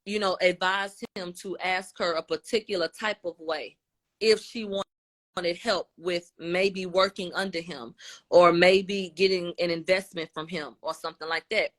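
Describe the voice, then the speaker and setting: A woman with a mid-range voice talking casually as she recaps events. She relays what different people said, changing her tone and loudness as she quotes them. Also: medium pitch. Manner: conversational, retelling quotes with shifts in tone and loudness. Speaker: commentator.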